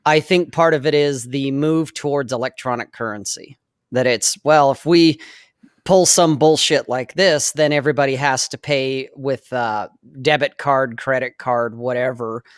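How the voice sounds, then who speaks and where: A man chatting on a podcast, his voice smooth and resonant as he spins a wry, slightly conspiratorial story. The sound is dry and close, with no room echo. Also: mid-range voice, fairly even intonation, moderate pace. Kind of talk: casual podcast chat.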